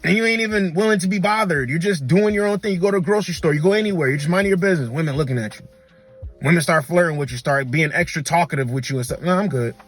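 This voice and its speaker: A man's voice: fairly high pitch, very fast, soft background music. A man giving blunt, slangy reaction commentary, repeating words for emphasis. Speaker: dating commentator.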